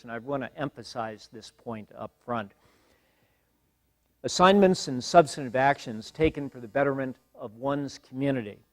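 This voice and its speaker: An older man addresses a university class as guest speaker. He talks in a measured, dryly humorous way, stopping often to gather his words. The sound is close and dry, with little room echo. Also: medium pitch, darkish tone. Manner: measured, wry, frequent pauses and fillers. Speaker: guest lecturer. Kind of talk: university lecture. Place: lecture hall.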